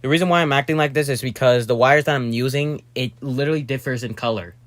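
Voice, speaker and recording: A young man casually narrating a hobby build, rambling and talking to himself with sudden excitable outbursts. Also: medium pitch, quick pace, no room sound.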